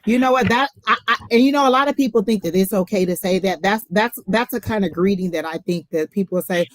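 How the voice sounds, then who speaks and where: This tarot reader hosts a laid-back live stream, speaking quickly at medium pitch with hardly any pauses. Her delivery is chatty and emphatic, and she frequently says things more than once.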